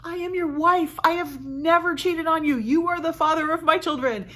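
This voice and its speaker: Woman putting on a pleading wronged queen, high voice. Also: moderate pace, bright, forceful tone. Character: wronged young queen pleading with her husband.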